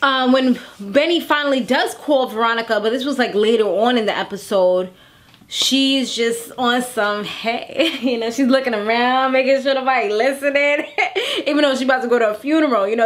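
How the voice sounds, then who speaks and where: A woman's voice: sits high, fairly bright tone. A woman chatting casually through a TV episode recap, laughing often and acting out the characters' lines. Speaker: TV recap vlogger.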